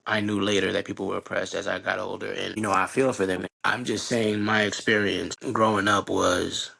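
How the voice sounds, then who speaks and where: A middle-aged man from Haiti, a podcast guest telling animated, slangy stories about growing up. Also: sits low, normal speed, gravelly. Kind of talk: casual storytelling conversation.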